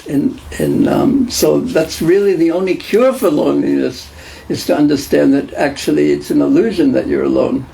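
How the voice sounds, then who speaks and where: Male lecturer, gravelly and mellow, teaching a scripture class, faint hiss behind. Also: fairly high pitch, poor audio. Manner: conversational, repeats and restarts phrases, asks the class questions.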